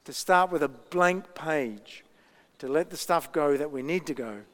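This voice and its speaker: Pastor, male, light high voice, rambling storyteller with ums, long church reverb. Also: a bit bright. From Australia. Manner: chatty storytelling, frequent ums and pauses. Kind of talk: children's talk and sermon.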